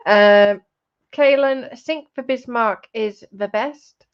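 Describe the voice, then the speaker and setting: A woman's voice: fairly high pitch, takes it slowly, clean tone. Female host, chatty, teasing, lo-fi stream sound. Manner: teasing, chatty, breaks into laughter. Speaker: host of a crafting livestream. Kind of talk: casual livestream chat, reading out chat comments. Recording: dull lo-fi stream audio.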